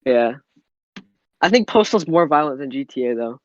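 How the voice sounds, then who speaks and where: A man's voice: mid-range voice, lively intonation, normal speed, no room sound. A man co-hosting a casual gaming podcast, laid-back, mostly giving short replies. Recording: dull lo-fi mic.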